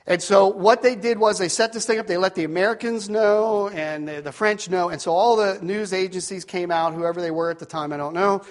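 Pastor, man in his 50s, higher-pitched voice, animated sermon delivery with loud peaks and hushed drops. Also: a little fast, few pauses. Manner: animated storytelling, rising to shouts at peaks, dropping to near-whispers; self-deprecating asides.

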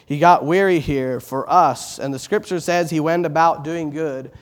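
A middle-aged man preaching a sermon, earnest, repeating words as he builds, rising loud on exalted phrases and dropping soft on tender ones. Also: on the high side, moderate pace.

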